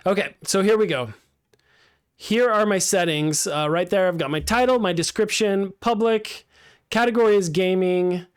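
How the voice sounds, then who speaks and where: This high-pitched man, talking at a normal pace with a smooth tone, runs a live class about streaming games. His walkthrough of the software setup is laid-back and upbeat, full of ums and false starts.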